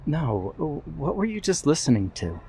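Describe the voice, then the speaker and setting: A man voicing a playful, lively young woman who teases and speaks earnestly in a storybook tale. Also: fairly high pitch, a little slow, creaky, slight background noise, voice pushed up, full character voice. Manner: bubbly, teasing, earnest.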